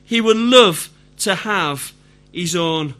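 A man's voice: high-pitched, lively intonation, takes it slowly, fairly bright tone. A middle-aged man with a Yorkshire accent preaching a sermon in a conversational way, putting questions to the congregation. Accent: Yorkshire English. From Yorkshire, England.

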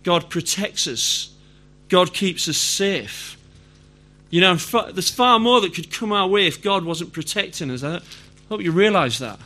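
A middle-aged Yorkshire man preaching a sermon to a congregation. His voice sits high and sounds bright and forceful. He talks in a chatty way and often asks his listeners questions. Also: expressive, measured pace. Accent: Yorkshire English. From Yorkshire, England.

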